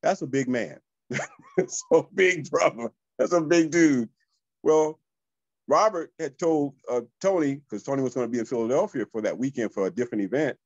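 A man, a real estate coach telling motivational stories to listeners in a lively, high-energy way. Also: normal speed, dry recording, highs cut off. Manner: high-energy, animated, addresses listeners as y'all. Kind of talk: motivational storytelling.

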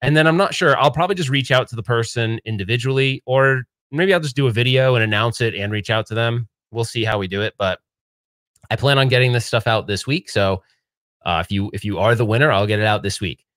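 A man's voice: medium pitch, brisk, fairly bright tone. Rambling man in his forties, livestreaming. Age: 40s. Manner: rambling, upbeat, trails off and restarts. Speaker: livestream host. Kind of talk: casual livestream chat.

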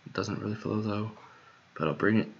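A man's voice: on the low side, brisk. A man muttering to himself as he works out song lyrics, trying word pairs under his breath. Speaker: songwriter. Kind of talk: muttering while working on lyrics. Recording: dull lo-fi mic with faint noise.

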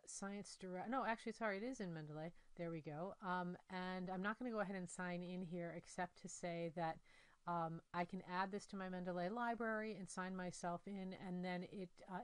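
A woman giving a software tutorial, talking through each step in a relaxed way with many ums and uhs. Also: fairly low pitch, clean tone, dry recording. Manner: relaxed, thinking aloud with frequent um and uh. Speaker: instructor demonstrating software. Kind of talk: screen-recorded tutorial walkthrough.

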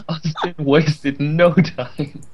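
A man's voice: a little high, lo-fi sound, heavy background noise. A man chatting casually about a game, hesitant with many fillers and laughs. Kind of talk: casual group chat after a game.

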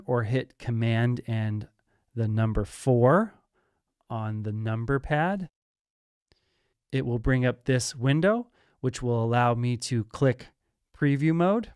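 A man's voice: mid-range voice, darkish tone, smooth, no room sound. Casual man explaining step by step, dry. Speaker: music production tutorial host. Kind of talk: screen-recorded software tutorial.

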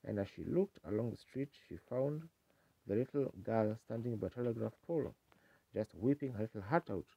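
Gravelly preacher on old tape. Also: male voice, medium pitch, a little fast, no echo. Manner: folksy, earnest storytelling. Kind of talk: sermon. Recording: dull lo-fi 1950s tape, dry.

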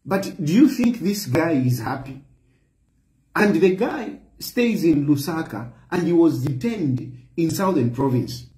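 A man's voice: on the high side, expressive, measured pace, mellow, echoey room, poor audio. A man giving impassioned political commentary, firing off repeated rhetorical questions. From Zambia. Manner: heated, repetitive rhetorical questions.

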